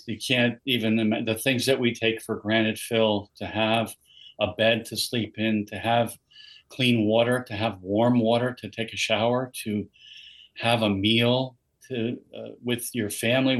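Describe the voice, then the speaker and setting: A man's voice: fairly low pitch, level tone, measured pace, poor audio. An older man giving a personal testimony as a guest in an interview, telling his story earnestly. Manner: earnest storytelling, quoting others.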